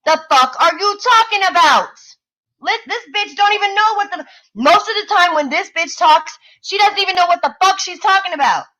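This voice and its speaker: A woman's voice: extremely high pitch, lively intonation, normal speed, sharp tone, low-quality recording. A woman hosting a livestream, ranting and mocking in heated, profane commentary. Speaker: livestream host. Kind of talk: heated live-stream commentary.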